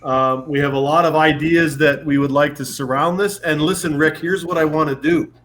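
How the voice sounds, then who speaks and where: A middle-aged man from Canada chats as a podcast guest. His voice sits a little high, and he tells stories with energy, slips in casual swearing and jumps into voices. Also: normal speed. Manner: animated storyteller, swears casually, puts on voices. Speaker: guest, former pro football kicker. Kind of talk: casual chat.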